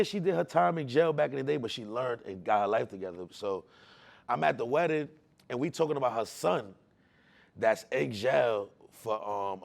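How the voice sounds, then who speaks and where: A man telling his personal faith testimony in casual slang, emotional, repeating words for emphasis, swinging between hushed and loud. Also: on the high side, vocal fry. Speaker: testimony speaker.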